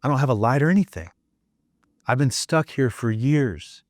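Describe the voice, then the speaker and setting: Guy doing a scared little kid, kinda mad, voice pushed up higher, pleading. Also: expressive, moderate pace, dry recording, studio quality, lightly acted. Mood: hurt pleading. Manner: pleading, hurt questions. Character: scared, angry young boy trapped alone.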